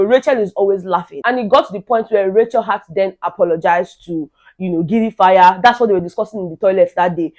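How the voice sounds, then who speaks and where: A young woman with a Nigerian accent gives a casual gossip recap, mixes in pidgin, and acts out what others said. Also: mid-range voice. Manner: animated, mixing in pidgin, acting out quotes. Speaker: vlogger recapping a reality show.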